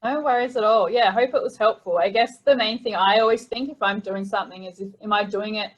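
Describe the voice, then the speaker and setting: An Australian woman guesting on a casual podcast over a video call. Her voice sits at an ordinary middle pitch, and she chats freely with plenty of "like". She comes across bubbly and unguarded. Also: fast, poor audio. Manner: bubbly, laughs easily, says "like" a lot. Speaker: guest, copywriter and marketing coach.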